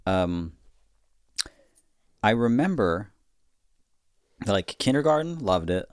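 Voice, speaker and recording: A man's voice: on the low side, very animated, slow pace, no room sound, clean studio sound. A man co-hosting a comedy podcast, telling a rambling, profane story full of filler words. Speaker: podcast co-host.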